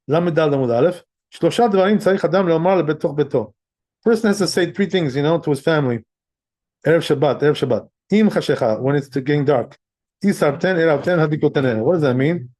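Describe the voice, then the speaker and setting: A man's voice: a little high, fast, a little mellow. Chatty rabbi, a man. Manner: conversational, sprinkles in "right?" and "you know", chuckles often. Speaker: rabbi teaching Jewish law. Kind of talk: casual Torah class.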